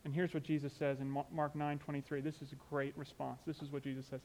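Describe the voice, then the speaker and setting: Male preacher, slightly high voice, chatty and sincere sermon delivery. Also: little pitch movement, quick pace, a little mellow, in a large hall, a little hiss or hum. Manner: conversational and earnest, with asides like "you know".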